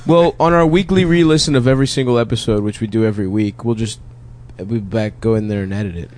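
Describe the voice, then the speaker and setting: A man's voice: lowish voice, fast talker, a little mellow. A man co-hosting a comedy podcast, riffing in profane, mock-indignant bursts. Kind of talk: casual comedic banter.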